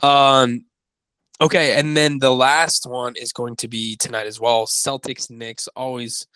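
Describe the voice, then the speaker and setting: A man's voice: medium pitch, level tone, measured pace, pushed and bright, smooth, dry recording, rough recording. A man co-hosting a casual podcast, rambling and correcting himself as he talks through his picks. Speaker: podcast co-host. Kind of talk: casual sports-betting chat.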